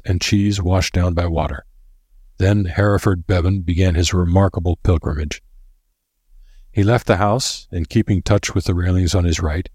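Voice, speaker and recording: A man narrating an audiobook with a steady, even reading. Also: low voice, breathy edge, dry recording, clean studio sound.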